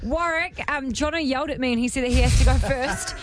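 A woman co-hosting radio banter, bubbly and quick to laugh. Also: high-pitched, noisy background. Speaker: radio host.

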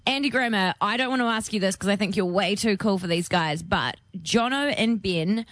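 A woman's voice: medium pitch, normal speed, fairly bright tone, dry recording. A woman in her thirties with a New Zealand accent, co-hosting a radio show and teasing her guest with plenty of laughter. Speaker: radio co-host. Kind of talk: playful interviewing and banter.

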